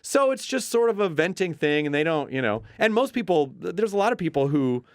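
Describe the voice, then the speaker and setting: A man's voice: a little high, very animated, fairly quick, no room sound. A man, a TV host, talking as a guest in a casual studio interview, reflective and rambling, acting out quoted voices.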